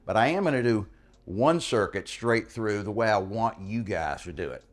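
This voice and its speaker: A man's voice: fairly low pitch, expressive, moderate pace. Casual fitness coach man. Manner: casual, encouraging, repeats "all right?". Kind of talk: workout instruction.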